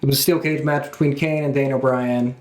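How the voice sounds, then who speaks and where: A man's voice: medium pitch, steady tone, brisk. A man co-hosting a podcast, recapping events with enthusiasm in casual chat. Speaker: podcast co-host. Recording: echoey room.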